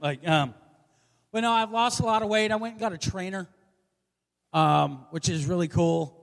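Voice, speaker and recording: Brash, high-voiced comedian in his forties. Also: moderate pace, gravelly. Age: 40s. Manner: brash, profane, self-mocking punchlines. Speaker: stand-up comedian. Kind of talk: stand-up comedy set. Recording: long hall reverb.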